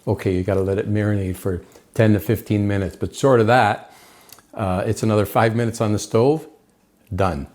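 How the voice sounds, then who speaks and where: An enthusiastic, chatty home-cooking host addresses his viewers as "folks" while he cooks. His voice is lowish and a little mellow, steady in tone at a moderate pace, with clear frying from a sizzling pan behind him.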